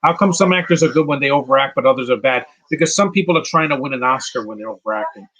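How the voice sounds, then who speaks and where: A man giving casual live movie commentary, rambling and answering viewers' questions with quick opinions. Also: medium pitch, fairly bright tone, low-quality recording.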